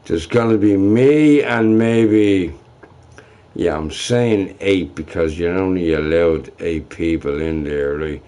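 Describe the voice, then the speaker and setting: A man's voice: low voice, takes it slowly, dark tone. A young man streaming, ranting to his chat in a profane, trash-talking way. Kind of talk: livestream rant to chat.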